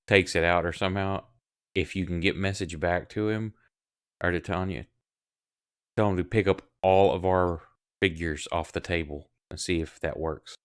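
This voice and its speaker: A man playing a tabletop game, laying out his plans step by step. His voice is very deep and smooth. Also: steady tone, moderate pace. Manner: planning aloud, methodical. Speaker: player. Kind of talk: casual game talk.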